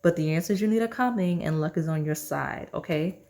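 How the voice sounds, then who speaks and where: A woman's voice: lowish voice, a little fast, a little mellow. A woman giving a casual pick-a-card tarot reading, chatty and rambling with many fillers and restarts. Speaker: tarot reader.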